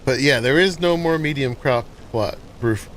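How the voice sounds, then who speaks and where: A man talks through a survival-game building session in an easygoing, thinking-aloud way. His voice sits in a middle pitch, and a faint hiss stays underneath it. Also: moderate pace. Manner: relaxed, thinking aloud while playing. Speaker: gaming channel host. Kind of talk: casual gameplay commentary.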